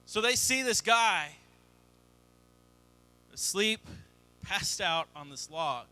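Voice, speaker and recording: A young man delivers a sermon as a story, giving short voices to the people in it. His voice sits high for a man and has a very bright, forward tone. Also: animated, takes it slowly, soft background music. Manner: storytelling, acts out quoted voices. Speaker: pastor.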